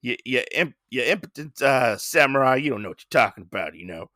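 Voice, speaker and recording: A man's voice: mid-range voice, expressive, fairly quick, bright, forceful tone, dry recording, clean studio sound. A man voicing a boastful, brutish male pig-man gambler thug in a comic retelling, with jeering taunts.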